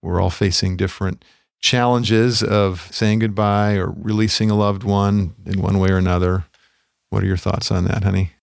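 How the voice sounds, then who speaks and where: Low gravelly man, gentle pastoral talk. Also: fairly even intonation, moderate pace, dry recording, studio quality. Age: middle-aged. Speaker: podcast co-host. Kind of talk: reflective Christian podcast conversation.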